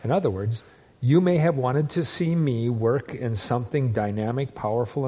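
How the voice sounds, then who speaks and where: Earnest preaching man with a mellow voice. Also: medium pitch, fairly even intonation. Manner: earnest preaching, slows down for emphasis, restarts phrases. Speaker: pastor. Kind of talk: sermon.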